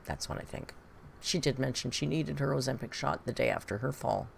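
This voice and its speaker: This British woman has a bass voice with vocal fry and talks a little fast, with a faint hiss or hum behind her. As a reaction streamer she chats and gossips over video clips and viewer comments, laughing often and musing aloud.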